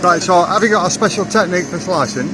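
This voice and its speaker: Music plays under this fast, high-sitting male voice. It's a vlogger from Lancashire, England, chatting casually in his garden and fixing his words as he goes along.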